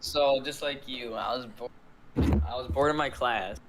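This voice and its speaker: A man's voice: medium pitch, background noise. A young man telling a school story in casual chat and giggling as he goes. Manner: slow-spoken, giggling storyteller.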